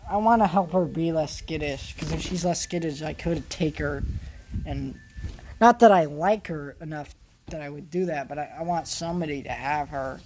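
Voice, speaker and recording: A man's voice: on the high side, normal speed, a little mellow, slight background noise. A man from California rambling casually in a vlog, with many restarts and fillers. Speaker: vlogger.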